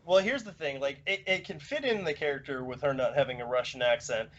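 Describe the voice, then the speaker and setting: A man's voice: mid-range voice, brisk, fairly bright tone. A man co-hosting a casual podcast chat, rambling with many fillers and restarts. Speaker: podcast co-host. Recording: dull lo-fi podcast audio.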